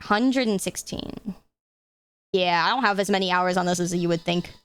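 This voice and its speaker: A young woman streamer chatting casually while playing games, swearing freely and getting excitable. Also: on the low side, moderate pace, smooth. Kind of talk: casual live-stream chat.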